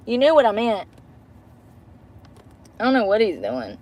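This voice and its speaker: A woman's voice: on the high side, huge pitch swings, measured pace, a little mellow. A woman vlogging to a phone camera from inside her parked car, chatty and profane, breaking into laughter often. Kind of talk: casual chat to camera.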